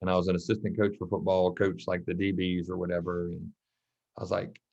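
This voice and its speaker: Man telling stories, low dull audio. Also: fairly quick, vocal fry. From Mississippi. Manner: animated storytelling, acts out quoted voices. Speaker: guest, track and football coach. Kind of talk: casual storytelling interview.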